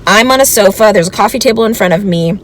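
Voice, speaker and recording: Chatty animated woman vlogger. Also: mid-range voice, fast, a little hiss or hum. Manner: chatty, animated, laughs between lines. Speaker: vintage reseller vlogger. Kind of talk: casual storytelling vlog.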